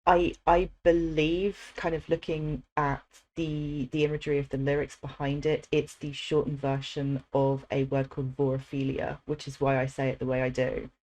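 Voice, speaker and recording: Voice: medium pitch, little pitch movement, normal speed, hardly any pauses, darkish tone. A podcast host in casual chat, eager and agreeable, laughing often between remarks.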